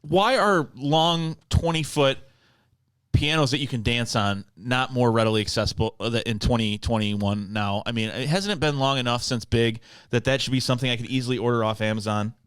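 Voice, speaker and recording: A man's voice: mid-range voice, normal speed, a bit bright, clear, resonant tone, no room sound, clean studio sound. A man co-hosting a casual podcast, playful and goofy, prone to silly sound effects. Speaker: podcast co-host.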